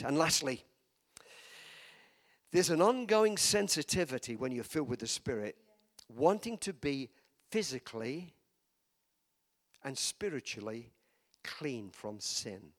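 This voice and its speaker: A man's voice: fairly high pitch, fairly bright tone. A man preaching a sermon in a church, emphatic and calling for amens from the congregation. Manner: emphatic, call-and-response preaching.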